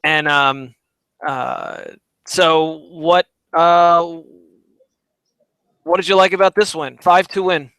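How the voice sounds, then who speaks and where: A man with a bright, smooth voice, teasing his co-host in a wry, playful way. He steers the chat with questions. The sound is close and dry. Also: on the high side, fairly even intonation, slow, pauses often, no echo. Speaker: podcast co-host. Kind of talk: casual sports podcast chat.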